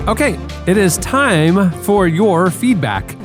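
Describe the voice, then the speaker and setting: A man's voice: high-pitched, lively intonation, over music. A man hosting a podcast, reading listener feedback in casual chat and laughing often. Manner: laughs often, drawn-out pauses. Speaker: podcast host.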